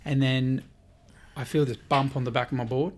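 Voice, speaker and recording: A man in a casual podcast chat, his voice sitting at a middling pitch for a man. He tells his story with energy, playing out each exchange in dialogue and dropping the odd swear word. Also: moderate pace. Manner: lively, swears, quotes people in dialogue.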